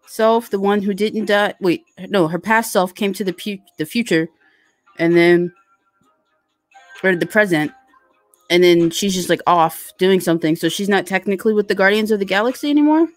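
A woman's medium-pitched voice moves at a normal speed as she hosts a laid-back live stream, reading viewer comments and rambling with frequent fillers. The recording is dry, with soft music in the background.

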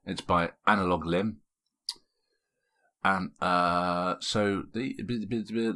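A man's voice: sits low, fairly even intonation, moderate pace, fairly bright tone. A man casually commenting as he plays through game jam entries, reading the on-screen story text aloud and stumbling over words as he goes. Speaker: game reviewer. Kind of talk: casual let's-play commentary. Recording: background music clearly audible.

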